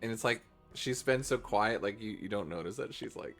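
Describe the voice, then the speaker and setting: Very low-voiced woman running the game. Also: normal speed, faint music behind. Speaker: game master.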